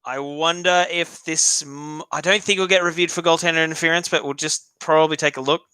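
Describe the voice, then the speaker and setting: A man's voice: on the high side, steady tone, brisk, sharp tone, smooth, no room sound. A man from Australia with a refined, slightly British-leaning accent, hosting a live stream and giving chatty, joking hockey reaction commentary with frequent laughs.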